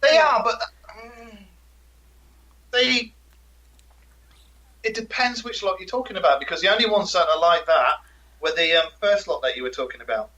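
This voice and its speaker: A male podcast co-host with a bright, fairly high voice. He talks in a loose, chatty way, retelling old legends between laughs. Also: expressive, moderate pace, pauses often, rough recording. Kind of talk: casual chat about folklore.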